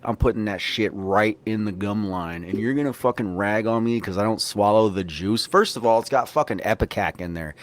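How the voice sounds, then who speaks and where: A man hosting a podcast, telling rambling, profanity-laced stories in casual chat. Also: lowish voice. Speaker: podcast host.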